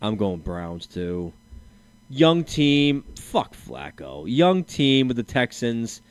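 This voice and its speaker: A man's voice: medium pitch, very animated, slow pace, clear, resonant tone. A man co-hosting a sports podcast, chatting casually, swearing freely and retelling comedy bits. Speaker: podcast co-host.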